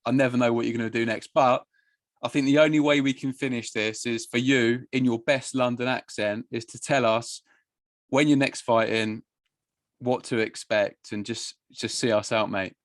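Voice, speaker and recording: A man's voice: mid-range voice, steady tone, normal speed, no room sound. A male podcast host with an ordinary, mid-range voice. The sound is dry and close. He keeps up easy, matey banter, teasing his guest between questions. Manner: friendly banter, calls guest mate. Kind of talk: casual podcast chat.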